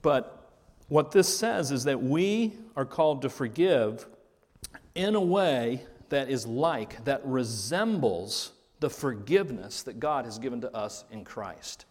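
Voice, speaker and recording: A pastor preaching a sermon, earnest, rising to stress key words and then dropping low. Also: male voice, animated, slow. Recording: reverberant hall.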